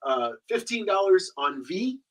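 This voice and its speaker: A man's voice: high voice, very animated, a little slow, a bit bright, rough recording. A man co-hosting a live comic book claim sale, joking around and rattling off comic listings and prices. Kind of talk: casual live-stream banter and sales.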